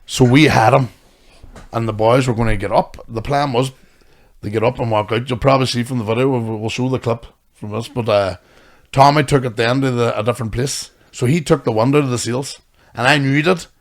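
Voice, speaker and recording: A man's voice: mid-range voice, fairly even intonation, a little fast. Sweary comedian teasing his co-host. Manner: sweary, teasing, mimics others. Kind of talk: casual banter.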